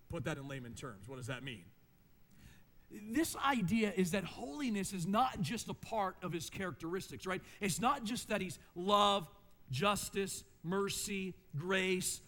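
A man's voice: sits high, a bit bright. A man, a pastor, preaching a sermon with emphatic repetition and rhetorical questions. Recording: long reverb of a large hall.

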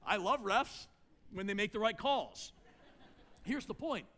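Male pastor, high voice, storytelling sermon with humorous asides, long hall echo. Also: expressive, measured pace, sharp tone. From United States.

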